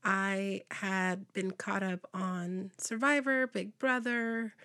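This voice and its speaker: A woman co-hosting a true crime podcast at an ordinary pitch. She talks in a loose, chatty way, laughing often and leaning on fillers like um and like. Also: steady tone, slow pace, bright, forceful tone. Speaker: podcast host.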